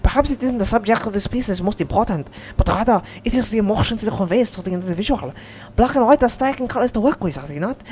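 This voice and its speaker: A warm young baker girl muses in a put-on New York accent, voiced by a man. Her voice sits high and swings lively up and down. She talks in a lofty, musing way, as if read from a visual novel. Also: quick pace, a little hiss or hum.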